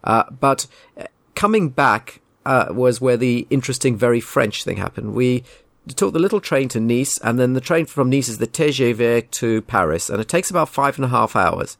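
A man's voice: medium pitch, expressive, moderate pace, vocal fry, a bit bright, no room sound. A man telling a casual anecdote in a wry, indignant, rambling way. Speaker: storyteller.

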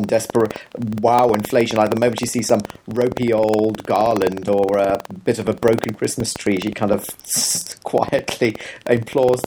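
A man co-hosting a podcast, chatting casually with dry, deadpan humor. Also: lowish voice, noisy background. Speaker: podcast co-host. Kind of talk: casual chat.

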